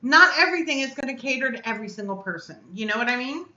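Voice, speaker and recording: A high, bright-voiced woman hosts her own live stream and vents bluntly, upset and cursing. The sound is dull and lo-fi, with an echoey room around her. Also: animated, fast. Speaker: vape reviewer and channel host.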